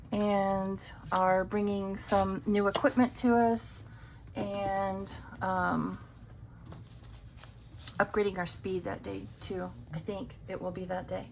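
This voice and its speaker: Casting note: unhurried woman budget vlogger, easygoing talk, faint hiss behind her. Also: mid-range voice, poor audio. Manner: slow, rambling, many ums. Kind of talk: casual chat while counting cash. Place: home.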